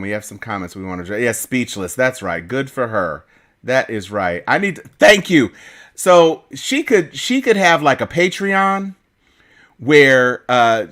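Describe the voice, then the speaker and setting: A man's voice: mid-range voice, a bit bright. A man hosting a casual chat show who jokes playfully and laughs often. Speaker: podcast host.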